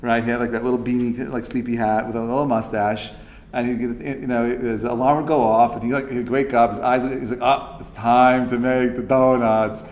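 A man's voice: medium pitch, fairly even intonation, quick pace, darkish tone. A man giving a casual, interactive class. He talks loosely, with many fillers and restarts, and acts out the quotes he tells. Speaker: Torah class teacher.

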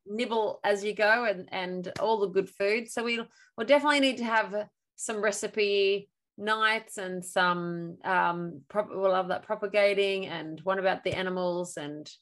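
A woman's voice: medium pitch, unhurried, few pauses, a bit bright. Chatty woman hosting a video call. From Australia. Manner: chatty, with many fillers and restarts. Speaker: host of an online call.

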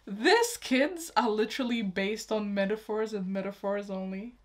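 A young woman talks straight to her viewers in a casual reaction vlog. She gushes openly, lets her excitement and tenderness run freely, and treats the audience like close friends. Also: medium pitch, takes it slowly. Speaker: YouTube reaction host.

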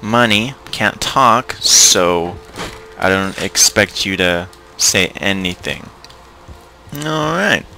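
Game music accompanies a young man's casual let's-play commentary, where he jokes and speaks to the enemies in the game. His low voice has lively intonation and a sharp tone at a slow pace, and a little hiss or hum is audible.

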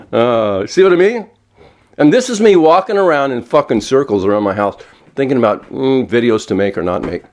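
A man in his seventies ranting alone at home, swearing a lot and swinging between angry outbursts and a soft, mock-gentle tone. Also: medium pitch, lively intonation, normal speed. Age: 70s. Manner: frequent swearing and self-mocking laughs. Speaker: vlogger. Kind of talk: unscripted solo rant. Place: walking around indoors at home.

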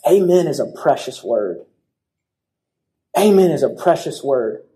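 A young man preaching a church sermon, telling a story in a lively, casual way and acting out the voices of people in it. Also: on the high side, unhurried. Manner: animated storytelling with acted-out voices. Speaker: pastor.

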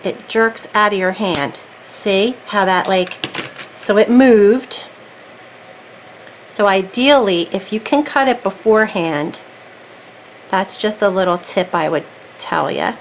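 A woman's voice: medium pitch, a little slow, slight background noise, low-quality recording. Chatty woman talking through a craft. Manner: chatty, self-talking while working, thinks aloud. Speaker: craft video creator. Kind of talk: casual real-time craft tutorial.

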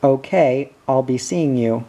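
A man's voice: medium pitch, takes it slowly, warm tone, lo-fi sound. A man reading the lines of a blustering, growling cattle boss in a storybook reading. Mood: gruff. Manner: growling, snappish, bossy.

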